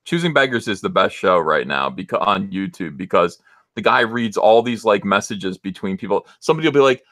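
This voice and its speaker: A man's voice: lowish voice, fairly quick, no room sound, clean studio sound. A man co-hosting a casual livestream chat, talking in a blunt, mocking way and telling stories with energy. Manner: blunt, mocking, animated storytelling. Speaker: co-host.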